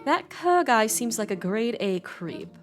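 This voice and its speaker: A woman's voice: a little high, sing-song, unhurried, faint music behind. A woman voicing a sulky, sarcastic teenage girl in a story game.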